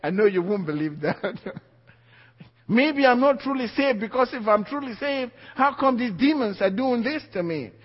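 A man's voice: high-pitched, expressive, normal speed, breathy edge. A man preaching a sermon to a congregation, emphatic and repeating his key phrases, with little laughs between points. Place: church hall. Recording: dull lo-fi, long hall reverb.

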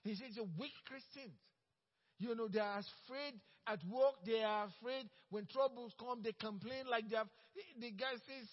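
A man preaching a sermon as pastor, acting out quoted coworkers and swinging from loud, bold lines to hushed ones. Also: extremely high pitch, normal speed. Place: church sanctuary. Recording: dull sound with long church reverb.

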